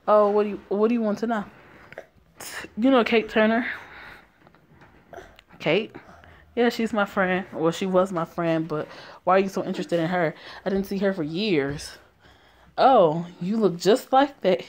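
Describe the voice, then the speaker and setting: A woman's voice: medium pitch, unhurried, long pauses, darkish tone, a little hiss or hum, natural voice. A woman voicing a sassy, gossipy older female diner owner who drawls and calls people honey.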